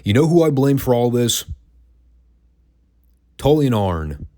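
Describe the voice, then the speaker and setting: A man's voice: mid-range voice, very animated, a little slow, warm tone. A man hosting a wrestling podcast, reviewing old matches in a casual, dry and sarcastic way.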